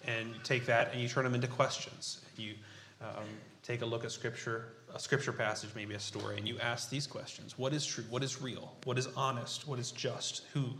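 A man's voice: medium pitch, fairly even intonation, bright, forceful tone, a little hiss or hum. Man preaching in an echoey room. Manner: unhurried, halting with frequent fillers. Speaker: pastor. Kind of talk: sermon with group scripture reading. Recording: roomy echo.

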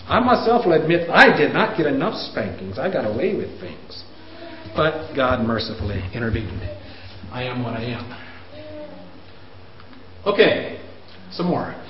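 A man in his fifties lecturing parents, animated, pushing his voice up for emphasis and chuckling at himself. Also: fairly high pitch, a little slow, long pauses. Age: 50s. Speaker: speaker on parenting. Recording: roomy, dull lo-fi recording.

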